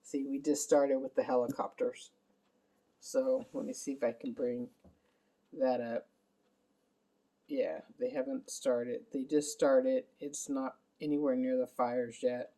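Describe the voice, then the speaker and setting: A woman's voice: a bass voice, level tone, unhurried, dark tone. A middle-aged woman caring for her father, giving a candid, rambling vlog update while exhausted. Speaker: family caregiver.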